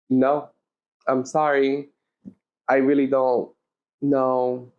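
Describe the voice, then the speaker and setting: A woman's voice: very deep voice, normal speed. A woman co-hosting a podcast in casual chat, blunt and emphatic, swearing freely. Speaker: podcast co-host. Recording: slightly muffled lo-fi audio.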